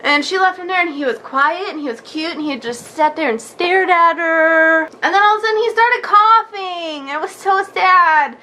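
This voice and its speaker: A young woman vlogger telling a story in a chatty, animated way, acting out what people said. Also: extremely high pitch, moderate pace, a little hiss or hum. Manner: chatty, animated, acts out quotes with many likes. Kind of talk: casual storytelling vlog.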